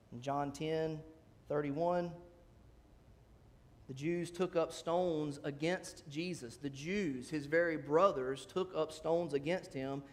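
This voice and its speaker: A male pastor delivers a sermon in a church sanctuary, speaking conversationally and pitching up on emphatic questions. His tone is a little mellow, and the recording carries the long reverb of a church hall.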